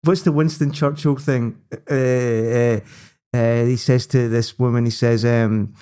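A man's voice: medium pitch, takes it slowly, smooth. Chatty, laughing Scottish man. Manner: animated, laughs often, chatty storytelling. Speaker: podcast co-host. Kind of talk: casual sports chat.

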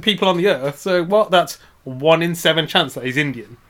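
Man, podcast co-host, laughing banter, bright voice. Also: fairly high pitch, moderate pace. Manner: laughs often, playful, goes loud on jokes. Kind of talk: casual joking chat.

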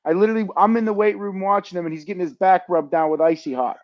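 Guy cracking jokes on a podcast, kinda high voice, dull lo-fi audio. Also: fairly even intonation, fast talker. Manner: joking, teasing banter. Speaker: podcast co-host, football player. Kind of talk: casual chat.

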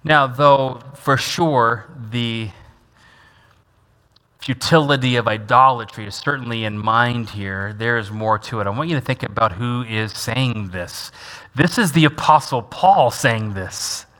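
In a church sanctuary, a pastor with a mid-range voice preaches at an unhurried pace, his tone sharp and emphatic. He repeats key lines and has the congregation echo them back, and the large hall adds a long reverb.

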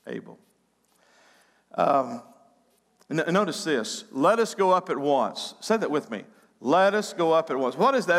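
A man's voice: a little high, fairly bright tone. A man preaching a sermon, emphatic, with repeated phrases that build up. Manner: emphatic preaching with repetitions and rising build-ups. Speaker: pastor. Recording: long hall reverb.

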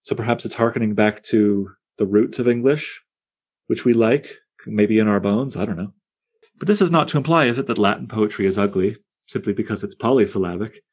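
Low-voiced man leading a poetry class. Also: brisk, breathy edge. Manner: animated, digressive, self-interrupting. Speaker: poetry teacher. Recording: on air class broadcast.

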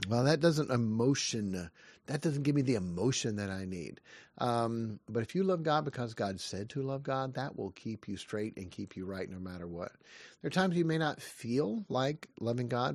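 A man in his fifties giving a short devotional sermon, earnest and lively, asking questions and answering them. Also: mid-range voice, no room sound, studio quality. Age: 50s. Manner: earnest, lively preaching with rising questions and quick asides. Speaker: pastor.

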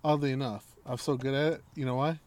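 A man's voice: mid-range voice, fast talker, no echo. A man telling a story in casual chat, swearing freely and acting out what people said. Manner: profane, animated storytelling with acted-out quotes.

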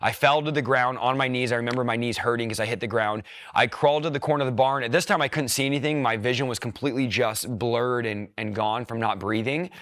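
Young man, earnest testimony, mid pitch, dry close sound. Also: fairly even intonation, a bit bright, dry recording. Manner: earnest storytelling, quick bursts. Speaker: preacher. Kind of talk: personal testimony.

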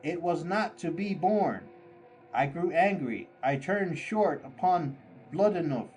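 A man reading a classic story aloud as an audiobook narrator, slow and deliberate. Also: on the high side, animated, darkish tone, faint music behind, rough recording. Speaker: audiobook reader. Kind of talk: scripted narration.

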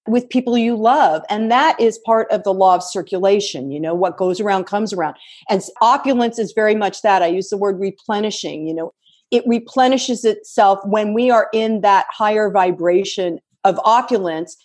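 Animated storytelling woman in her fifties. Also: mid-range voice, normal speed. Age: 50s. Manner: animated storyteller, giggly and expressive. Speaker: guest. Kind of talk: casual podcast conversation.

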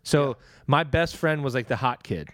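A man's voice: mid-range voice, expressive, normal speed, fairly bright tone, slight background noise. A young man co-hosting a podcast, chatting casually with crude jokes and hesitant restarts. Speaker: podcast co-host. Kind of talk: casual chat.

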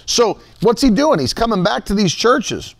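A man's voice: sits high, sing-song, moderate pace. A man preaching a sermon, reading scripture aloud and repeating key phrases with emphasis.

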